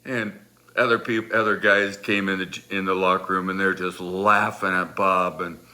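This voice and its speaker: A man telling a funny true story from his school days in an animated way, laughing as he goes, with rambling restarts. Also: low voice, normal speed. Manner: animated, laughs through the telling, acts out voices. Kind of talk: personal anecdote storytelling.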